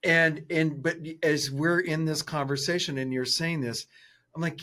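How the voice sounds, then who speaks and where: A man's voice: a little high, steady tone, a little slow, sharp tone. A man co-hosting a podcast interview, talking casually and animatedly, acting out his own reactions in quotes. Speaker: podcast co-host.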